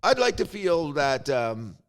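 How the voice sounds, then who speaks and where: A man's voice: a little high, very animated, takes it slowly. A man hosting a podcast, talking sports in a jokey, storytelling way. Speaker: podcast host. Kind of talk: casual sports chat.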